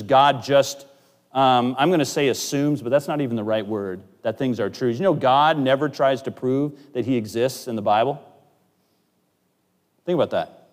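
A man preaching a sermon as pastor, swinging between loud emphasis and quiet asides. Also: medium pitch. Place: church sanctuary. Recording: long church hall reverb.

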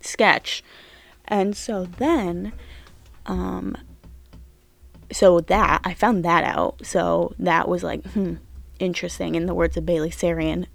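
A young woman hosting a casual true-crime podcast, chatty and animated, swearing often as she retells events. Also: on the low side, slow, creaky, pauses often, dry recording. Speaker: podcast host.

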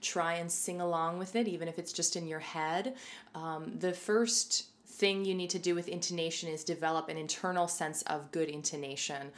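A middle-aged woman giving a casual spoken lesson on violin technique, explaining in a conversational way with many fillers and restarts. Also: lowish voice. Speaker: violin teacher.

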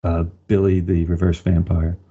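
A man playing a rookie male wrestler who calls himself a reverse vampire, deadpan and playing along. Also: low voice, normal speed, slightly rough, dull audio, voice pushed down.

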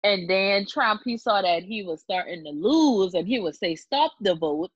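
Woman, animated casual chat, profane and expressive, on a dry lo-fi mic. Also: medium pitch, moderate pace, breathy edge, no echo. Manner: expressive, profane, acts out reactions. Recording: dry, dull lo-fi sound.

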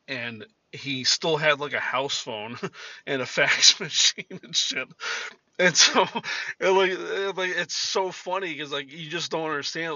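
Sharp-toned man in his fifties, rambling. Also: medium pitch, no echo, dull audio. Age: 50s. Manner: rambling and profane, many restarts. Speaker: podcast host. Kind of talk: casual personal storytelling. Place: in a car.

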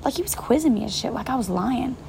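A woman's voice: fairly high pitch, expressive, quick pace, creaky, a little mellow, breathy edge. A young woman telling a story to her viewers in a casual vlog, chatty and swearing freely. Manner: chatty, profane, speaking straight to viewers. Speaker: vlogger. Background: faint rain.

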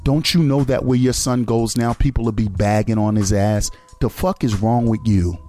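A man's voice: medium pitch, steady tone, moderate pace, mellow, soft background music. A man hosting a radio show who gives a blunt, profane commentary on a video clip and keeps firing rhetorical questions at the listeners.

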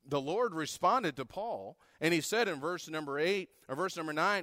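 A man's voice: a little high, lively intonation, moderate pace, few pauses, pushed and bright, dry recording, studio quality. A man preaching a sermon, earnest and rising to impassioned pleading when he reads scripture.

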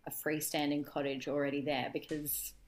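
An Australian woman in her thirties hosting a podcast, telling travel stories in casual chat with deadpan asides. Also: low-pitched, moderate pace. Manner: chatty storyteller with deadpan asides. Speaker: podcast host.

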